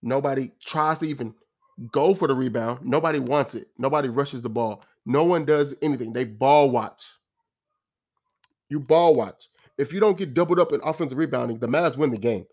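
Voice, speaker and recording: A man rants about a game in a casual, exasperated way, circling back on his points and throwing in slang. His voice sits at an everyday middle pitch. The recording sounds dull and lo-fi. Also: normal speed, darkish tone. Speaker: sports fan commentator. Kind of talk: casual post-game rant.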